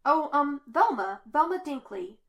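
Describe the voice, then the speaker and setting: A shy, awkward young woman in a fan-fiction audiobook who stumbles over her words, with a woman reading her. Her voice is slightly high, with a creaky texture. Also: animated, slow, bright, forceful tone, full character voice. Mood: flustered. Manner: flustered, hesitant.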